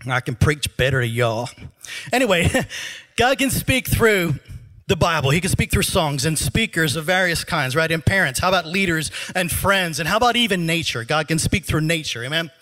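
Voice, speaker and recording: Bright, high-voiced joking pastor. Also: male voice, normal speed. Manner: animated, joking, laughs at his own asides. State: troubled throat, clears it often. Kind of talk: sermon. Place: church. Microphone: handheld mic.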